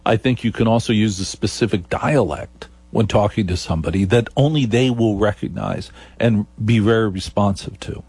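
A man from New Jersey with a New Jersey accent, hosting a comic radio talk show, playful and often dropping into a slow, low, seductive register. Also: darkish tone, slightly rough, dry recording. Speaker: radio host.

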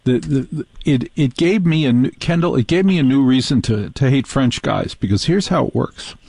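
A man from New Jersey hosts a radio show and tells comic stories in a wry, joking way. His voice sits at a middle pitch and sounds dry and close, with no room echo. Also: animated, normal speed, gravelly, a little mellow, breathy edge. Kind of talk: casual radio chat, comic storytelling.

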